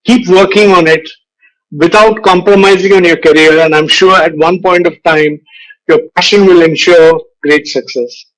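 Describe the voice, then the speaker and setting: A man's voice: on the high side, steady tone, poor audio. Older man telling career stories. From India. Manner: unhurried storytelling, lecturing tone. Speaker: guest speaker, advertising veteran. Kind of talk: motivational speech with anecdotes. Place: virtual event recording.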